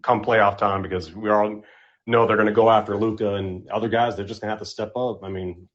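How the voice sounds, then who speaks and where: A man's voice: on the low side, steady tone, fairly quick. A man calling in to a live podcast room, talking about his team in a loose, rambling way. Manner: loose, rambling fan talk. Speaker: caller. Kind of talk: casual call-in chat. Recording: dull lo-fi call audio.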